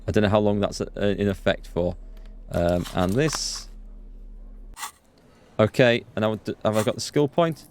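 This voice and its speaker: A man's voice: on the low side, animated, unhurried, long pauses, a little hiss or hum. A man hosting a let's play, reading game text aloud and commenting casually with frequent chuckles.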